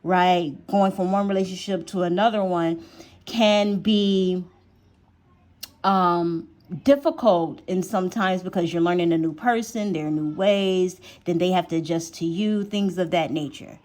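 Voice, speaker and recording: A woman's voice: fairly low pitch, measured pace, a little mellow. A woman giving a casual tarot reading, chatty and repeating her phrases for emphasis. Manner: drops to a whisper while drawing cards. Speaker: tarot reader.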